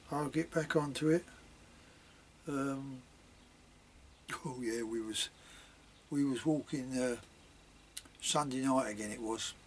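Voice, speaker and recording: An older man tells a story in a loose, chatty way, full of "like, you know" asides. His voice sits at an ordinary middle pitch. A faint hiss lies under the recording. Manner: chatty, many fillers and asides, dialect grammar. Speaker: vlogger telling childhood memories. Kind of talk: rambling spoken reminiscence.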